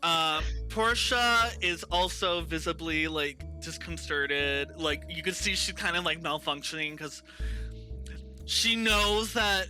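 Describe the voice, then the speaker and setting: A man narrates a tabletop game as its game master, his voice sitting a little high and very bright, almost sharp. He talks casually and loosely, peppering his descriptions with "like." Faint music plays behind him. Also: takes it slowly. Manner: casual, filler-heavy narration with frequent "like".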